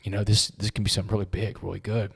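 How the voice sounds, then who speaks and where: A middle-aged man, a podcast guest, telling an emotional story in an earnest, halting way and often repeating words when moved. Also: fairly low pitch, little pitch movement, gravelly, fairly bright tone, slightly rough.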